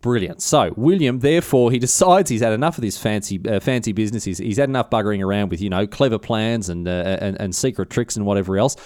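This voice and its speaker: A man's voice: fairly low pitch, fast, few pauses, darkish tone, no room sound, studio quality. A man, hosting a history podcast, telling the story in an irreverent, slangy way with casual swearing.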